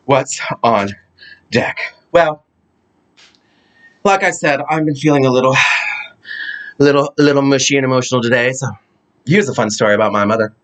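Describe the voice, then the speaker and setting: A man from Ohio telling a funny family story in a campy, theatrical, animated way. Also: mid-range voice, brisk, pauses often. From Ohio, USA. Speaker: comedic storyteller. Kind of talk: casual comedic storytelling vlog.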